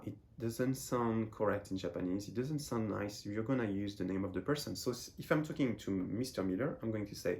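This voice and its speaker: Low-voiced man from France teaching a lesson. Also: a little fast, few pauses, darkish tone. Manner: patient, repeats phrases while explaining. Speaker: Japanese teacher. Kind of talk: explaining lesson.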